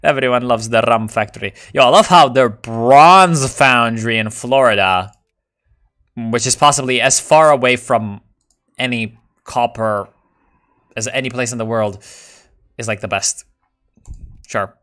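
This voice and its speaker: A man giving casual, joking commentary while playing a strategy game. He rambles excitedly and swears often. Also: medium pitch, a little slow, pauses often. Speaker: video game player.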